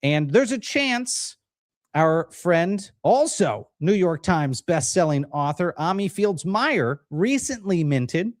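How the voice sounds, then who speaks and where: A man co-hosting a live-streamed political talk show, talking in an energetic, upbeat way over a video call. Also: high voice, slow, no room sound, clean studio sound. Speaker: co-host.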